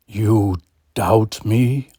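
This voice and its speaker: A man voicing a wrathful godlike alien entity, speaking slowly in a low, half-whispered voice. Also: fairly even intonation, warm tone, husky, no room sound, studio quality, full character voice. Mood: menacing.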